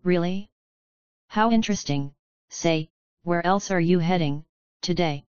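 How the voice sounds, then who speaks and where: A woman voicing a sly, smiling creature with sharp little teeth, smooth and probing. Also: on the low side, a little slow, dry recording, lightly acted. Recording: slightly dull, dry studio sound.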